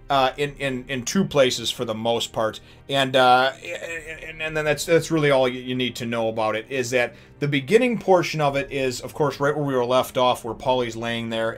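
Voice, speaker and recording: A man hosting a chatty comic review vlog at a mid-range pitch for a man. He rambles through the recap with plenty of fillers and restarts, breaking into laughs as he goes. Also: fairly bright tone. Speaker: host of a manga review channel. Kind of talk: casual chapter review vlog.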